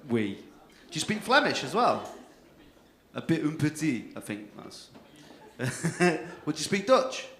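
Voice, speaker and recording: A young man with a North-West English accent doing loud, sweary crowd-work banter as a comedy club compere. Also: mid-range voice. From England. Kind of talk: live stand-up crowd work. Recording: echoey club room with crowd noise.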